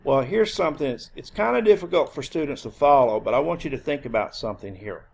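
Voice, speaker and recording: A man with a gravelly, creaky voice gives a recorded math lecture. His pitch sits in a middle range, and he explains step by step in a relaxed way, with the odd restart. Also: quick pace. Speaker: math teacher.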